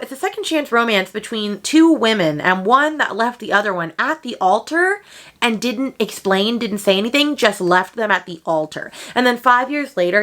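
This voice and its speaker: A young woman vlogging a casual, animated rant about books she disliked, sounding exasperated. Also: mid-range voice. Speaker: book vlogger. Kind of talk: casual ranting book review.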